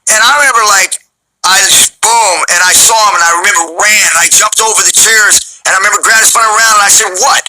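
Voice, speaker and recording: A man recounts a story in an interview, his voice high and piercingly bright. He tells it with animation and slips into the voices of the people he quotes. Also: quick pace, rough recording. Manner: animated, acts out quoted voices while telling. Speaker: interview guest.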